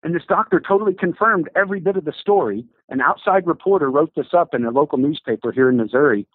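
Husky-voiced man telling an excited story. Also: fairly high pitch, fast, dry recording. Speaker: guest telling a faith story. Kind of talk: animated storytelling. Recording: dry, tinny phone-like audio.

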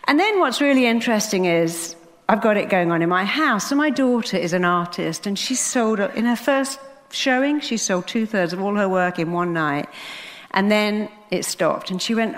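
A woman, a therapist giving an animated storytelling talk and acting out the voices of the people in her stories. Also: medium pitch, moderate pace. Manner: animated, acts out quoted dialogue. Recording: long hall reverb.

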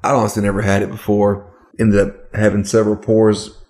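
A man's voice: fairly low pitch, completely flat delivery, a little fast, a little mellow. A man co-hosting a casual podcast from his home, laid-back and rambling, often restarting his sentences. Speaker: podcast co-host. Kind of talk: casual chat. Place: home studio at his house. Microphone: studio microphone.

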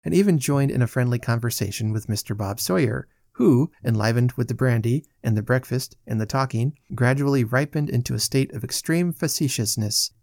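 A podcast host reading a classic novel aloud in a measured, clear storytelling manner. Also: male voice, medium pitch, darkish tone, no echo, studio quality.

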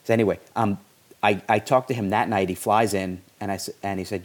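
A man's voice: lowish voice, steady tone, quick pace. A man talking casually as a podcast guest, rambling with many restarts and stammers. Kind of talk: casual conversation.

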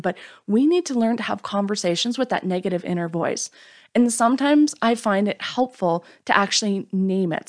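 A woman hosting a solo motivational podcast, talking frankly and upbeat, sometimes acting out her own doubting inner voice. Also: medium pitch. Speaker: podcast host.

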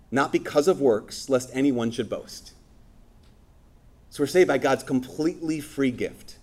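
A man preaching a sermon in a lively, playful way, acting out voices from scripture. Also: medium pitch. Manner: animated, playful, acts out biblical voices.

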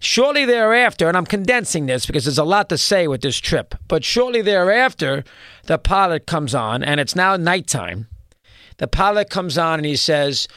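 A rambling male talk show host tells a story at a fairly high pitch, tripping over restarts as he gets worked up. The sound is close and dry, with no room around it. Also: moderate pace, no echo. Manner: rambling, excitable, many restarts. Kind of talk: storytelling monologue.

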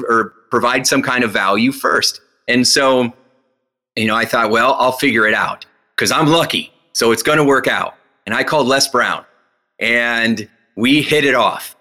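Bright-voiced, animated man telling stories. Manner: energetic, acts out quoted dialogue with big pitch jumps; slow, guided instruction when teaching the breathing exercise. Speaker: guest, hypnotist and speaker. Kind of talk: animated storytelling in an interview.

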